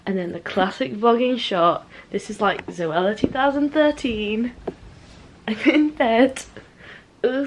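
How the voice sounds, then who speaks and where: A woman's voice: on the high side, takes it slowly, slight background noise. A young woman in a student bedroom chatting casually to her handheld camera, bubbly and giggly. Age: young adult. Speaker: student vlogger. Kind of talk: casual vlog chat to camera. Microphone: handheld compact camera.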